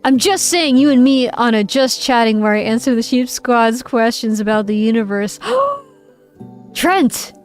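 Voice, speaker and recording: A woman's voice: on the high side, unhurried, smooth. A woman streamer in a casual livestream chat, playful and giggly, reading viewers' messages aloud. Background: faint background music.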